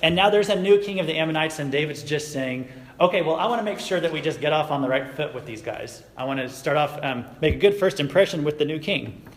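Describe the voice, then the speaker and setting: A man's voice: on the high side, expressive, fast talker. A man giving a casual youth sermon, retelling a Bible story in everyday words and asking his listeners questions. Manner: conversational, asks the audience questions. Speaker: youth pastor. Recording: echoey hall recording, faint noise.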